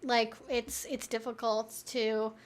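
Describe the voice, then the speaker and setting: A woman's voice: on the high side, flat delivery, slow. A young woman hosting a casual live-stream Q&A at home, chatty and candid, with lots of "like" in her speech. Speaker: live-stream host answering viewer questions.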